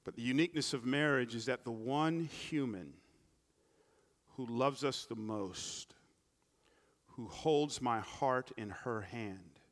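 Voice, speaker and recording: A man preaching a sermon, swinging between big loud climaxes and quiet, humorous storytelling asides. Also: mid-range voice. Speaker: pastor.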